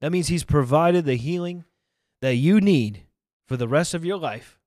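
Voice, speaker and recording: A man preaching a fervent livestreamed sermon, speaking straight to viewers on camera and rising to loud emphatic declarations. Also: fairly high pitch, lively intonation, moderate pace, no echo, studio quality. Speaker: evangelist preacher. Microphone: camera mic, speaking to online viewers.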